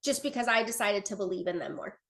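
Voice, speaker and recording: A woman's voice: mid-range voice, fast talker. A young adult woman giving a casual sales training talk over a video call, chatty and earnest, with many fillers and restarts as she reads from her notes.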